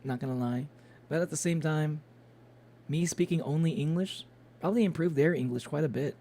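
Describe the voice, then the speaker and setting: A man's voice: fairly high pitch, moderate pace, mellow. A man streaming a game, chatting casually and rambling with lots of fillers and little chuckles. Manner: rambling, many fillers and restarts, chuckles often.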